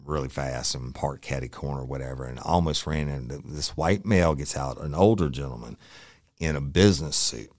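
A rumbling, extremely low male voice, spinning a cop story in a loose, rambling way. He swears freely and acts out the lines of the people in it. The sound is close and dry, with no room around it. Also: fairly quick, a little mellow, no echo. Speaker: police officer telling a war story. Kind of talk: casual spoken storytelling.

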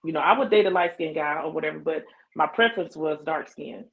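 A woman co-hosting a casual talk show, speaking her mind in a frank, chatty way. Her voice sits a little low for a woman, and her phrases run on loosely. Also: brisk, gravelly, fairly bright tone, low-quality recording. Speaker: co-host. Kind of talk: casual chat.

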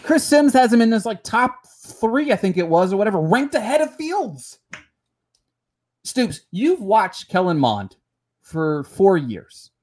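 A man's voice: sits high, sing-song, measured pace, darkish tone. A man hosting a casual sports podcast, heated and frustrated, often repeating words and restarting his sentences. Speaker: podcast host.

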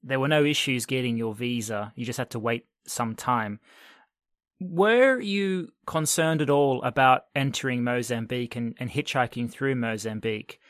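A man's voice: medium pitch, moderate pace, fairly bright tone, no echo, clean studio sound. A man hosting a podcast, giving short reactions and then asking long, detailed questions of his guest. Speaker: podcast host. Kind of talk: interviewing guest.

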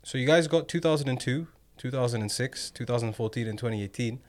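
A man hosting a casual football podcast, quizzing his co-hosts and drawing out his questions. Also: medium pitch. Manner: quizzing co-hosts, teasing, drawn-out prompts. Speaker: podcast host.

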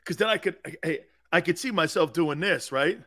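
A man's voice: a little high, moderate pace. A man hosting a sports radio show, ranting in a comic way and acting out angry fans. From United States. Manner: animated, acts out angry fans in bursts. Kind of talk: loud comic sports talk rant.

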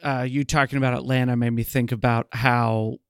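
A man's voice: medium pitch, flat delivery, a little fast, clean tone, no echo, studio quality. A man co-hosting a podcast, chatting casually with jokes and rambling tangents. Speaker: podcast co-host. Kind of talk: casual chat.

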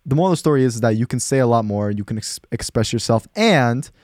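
A young man co-hosting a casual podcast, talking quickly and animatedly to the listeners. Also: mid-range voice, no room sound, studio quality. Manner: fast, animated, addresses listeners as guys. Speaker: podcast co-host.

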